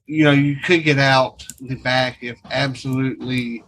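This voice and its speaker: A man narrating a tabletop game as dungeon master, setting each scene in slow, descriptive detail. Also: mid-range voice, fairly even intonation, fairly bright tone, low-quality recording.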